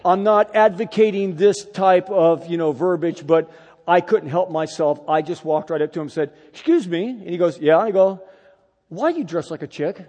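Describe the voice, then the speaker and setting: A middle-aged man preaching a sermon, telling a personal story with animated, emphatic delivery. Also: high voice, moderate pace, in a large hall. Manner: animated storytelling, rising to loud emphatic peaks.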